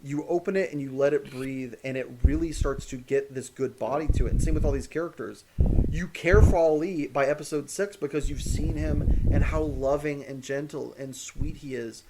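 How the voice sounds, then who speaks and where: A man's voice: fairly high pitch, normal speed, noisy background. A man co-hosting a casual podcast chat, talking animatedly and swearing freely as he rants. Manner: animated, profane, rants with laughter. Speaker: podcast co-host.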